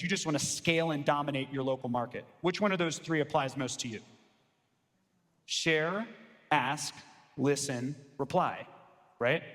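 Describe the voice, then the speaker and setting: A man coaching law firm owners in a live sales presentation, energetic and casual, with slangy asides. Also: fairly high pitch. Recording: long reverb of a large hall.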